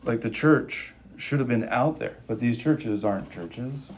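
Young guy preaching a sermon, urgent, says things twice, speeds up and slows down. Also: mid-range voice, a little mellow, muffled recording, slight background noise. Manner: emphatic, repeats lines for stress, speeding up and slowing down. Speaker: pastor.

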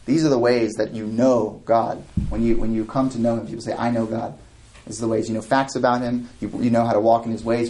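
Brief: male Bible teacher, mid-pitched, conversational, reads a passage then explains it, lots of restarts. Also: dark tone. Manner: conversational, with frequent restarts and asides; reads scripture aloud then comments. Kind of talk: verse-by-verse Bible study teaching.

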